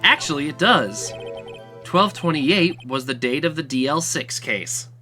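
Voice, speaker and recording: A man's voice: fairly high pitch, lively intonation, unhurried, sharp tone. A man voicing an earnest young defense lawyer, speaking in an insistent way. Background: game music.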